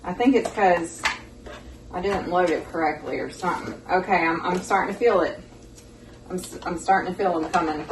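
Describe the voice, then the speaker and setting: A woman's voice: on the low side, a little fast, noisy background. Woman hosting a home cooking vlog, chatty and folksy, recorded from across a roomy kitchen. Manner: chatty, folksy, talks to viewers as "y'all". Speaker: cooking show host. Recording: echoey kitchen, mic far off, loud kitchen clatter. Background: dishes and pans clattering.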